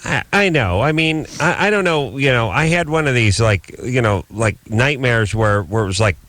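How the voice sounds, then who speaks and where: A man co-hosting a late-night call-in radio show, telling stories in a dry, deadpan way on a studio microphone. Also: moderate pace, no echo. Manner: dry, deadpan storytelling with lively swings in pitch. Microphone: studio broadcast microphone.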